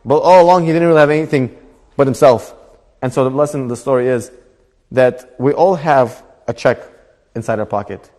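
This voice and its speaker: A man, a rabbi, telling a story in a Torah class in a lively storytelling manner. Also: medium pitch, fairly quick, long reverb tail. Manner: animated storytelling with voiced characters.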